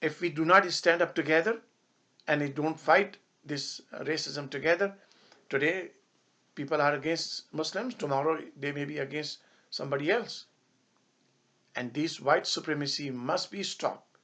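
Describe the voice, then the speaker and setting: Impassioned imam, fairly high voice. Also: male voice, moderate pace, a bit bright. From Canada. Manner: impassioned, rising to angry emphasis; solemn and prayerful. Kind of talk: public statement.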